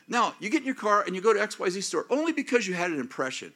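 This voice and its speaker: A pastor aged fifty or older preaches a sermon in a high voice at a racing pace. He animatedly acts out prayers and inner thoughts.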